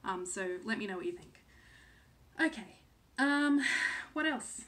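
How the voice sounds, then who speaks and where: A woman's voice: mid-range voice, expressive, measured pace, a bit bright. Chatty woman in her thirties from Australia. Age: 30s. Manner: chatty, filler-heavy, second-guessing herself. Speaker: cross-stitch vlogger. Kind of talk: casual chat to camera.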